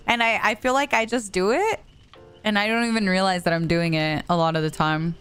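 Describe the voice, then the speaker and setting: A woman's voice: medium pitch, fairly even intonation, moderate pace, fairly bright tone, smooth, soft background music. A young woman streaming a game, chatting casually with viewers and humming little vocal stims between thoughts. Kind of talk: casual gameplay chat while answering viewers.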